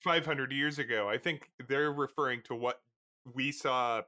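Podcast co-host, man, bright forward voice, dry asides and corrections. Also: medium pitch, fairly even intonation. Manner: dry, corrects details, quick to concede. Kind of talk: casual podcast banter.

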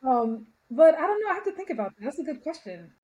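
A woman who founded a company, chatting as an interview guest, upbeat and quick to laugh. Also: sits high, sing-song, mellow, rough recording. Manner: cheerful, laughs often, upbeat. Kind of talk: casual interview chat.

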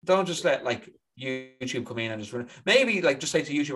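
A man's voice: medium pitch, animated, fairly quick, few pauses, fairly bright tone, slightly rough. Laid-back young man. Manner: laid-back, agreeable, dry humor. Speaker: podcast co-host. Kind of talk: casual chat.

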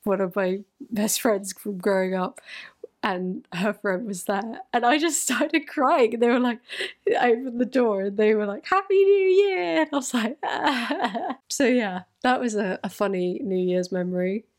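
A woman's voice: mid-range voice, moderate pace, darkish tone. A young woman, chatting casually and answering viewer questions on her channel, often laughing and poking fun at herself. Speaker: YouTuber. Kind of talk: casual chat, Q and A.

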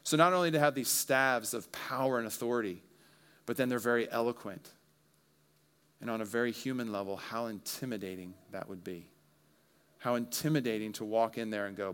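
A man's voice: mid-range voice, a little fast, a bit bright, smooth. A man preaching a sermon, walking through a Bible passage verse by verse with earnest explanation and everyday examples. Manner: earnest expository preaching with relatable asides. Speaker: pastor.

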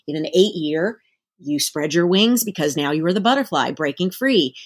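A woman on a podcast, explaining numerology with lively, playful metaphors in casual chat. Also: fairly low pitch. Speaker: numerology guest.

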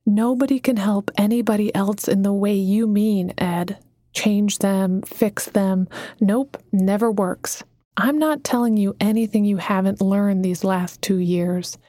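A cheerful, encouraging mentor woman, voiced by a female audiobook reader. She talks slowly and steadily, calling people honey. The recording is close and dry, with no room sound. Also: mid-range voice, dark tone, dry recording, lightly acted. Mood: calm, firm. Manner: cheerful, calls others honey.

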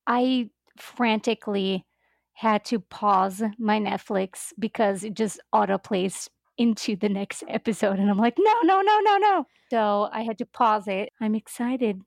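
A woman co-hosting a podcast in casual chat, animated and giggly, acting out lines she quotes. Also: mid-range voice, a little slow, creaky, dry recording, studio quality. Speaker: podcast co-host.

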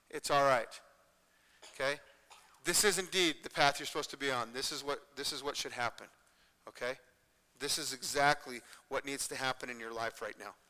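A pastor giving a conversational sermon to a congregation, earnest and repetitive, often checking in with "okay?". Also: male voice, medium pitch, bright, forceful tone, clear, resonant tone, in a large hall, poor audio.

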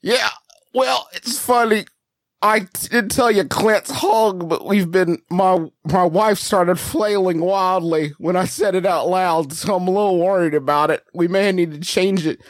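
A man's voice: sits high, a little slow, no echo, clean studio sound, pitched above the performer's own voice. A man doing a prank-call voice of a rambling, flustered small-town ham seller. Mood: awkward. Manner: awkward, oversharing, flustered prank-caller rambling. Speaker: prank caller.

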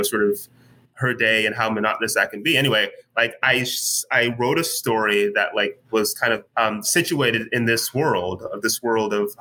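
A man talking in a relaxed interview, thoughtful and searching, with many fillers and restarts as he works through his ideas. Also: fairly low pitch, poor audio. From United States. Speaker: guest writer. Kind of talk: casual conversational interview.

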